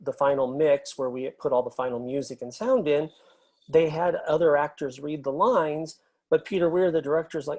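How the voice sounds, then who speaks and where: A man's voice: on the high side, moderate pace. Middle-aged man telling easygoing anecdotes. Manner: relaxed storyteller, many fillers. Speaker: film and TV editor, guest. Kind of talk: casual interview anecdotes.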